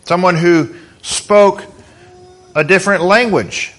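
A man's voice: high-pitched, takes it slowly, a bit bright. A man preaching a sermon as pastor, in a conversational way, asking the congregation questions.

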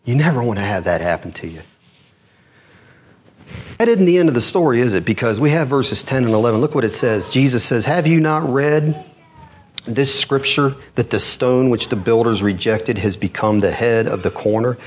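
Husky male pastor, church sermon, animated storyteller with big swings in pitch. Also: normal speed. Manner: rising and dropping pitch, animated storytelling with quoted voices.

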